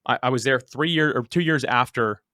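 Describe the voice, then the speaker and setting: A man's voice: medium pitch, sharp tone, no room sound, clean studio sound. A man in his thirties, a podcast guest, telling his story casually with lots of "like" and repeated words. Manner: rapid, full of "like" and repeated words.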